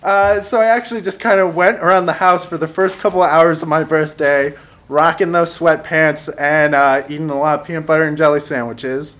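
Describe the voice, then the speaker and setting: A man's voice: fairly high pitch, steady tone, brisk, a bit bright. A young man telling a funny personal story on stage, wry and self-mocking, laughing along as he talks. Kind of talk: stand-up storytelling.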